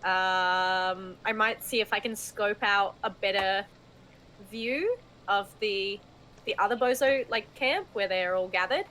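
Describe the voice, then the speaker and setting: A woman's voice: mid-range voice, takes it slowly, pushed and bright, a little hiss or hum, poor audio. Laid-back joking woman player. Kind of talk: casual tabletop play.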